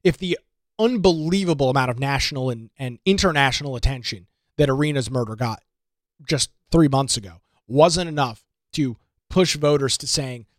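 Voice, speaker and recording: A man's voice: medium pitch, moderate pace, no room sound, studio quality. A man hosting a political talk show, delivering an emphatic, indignant monologue with lots of rhetorical repetition. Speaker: radio talk show host.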